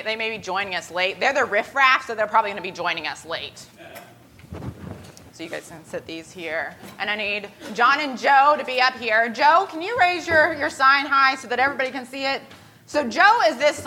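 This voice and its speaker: A woman's voice: high voice, sharp tone. A woman preacher leading a skit with volunteers, talking in a chatty, self-deprecating storytelling way. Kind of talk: casual storytelling sermon.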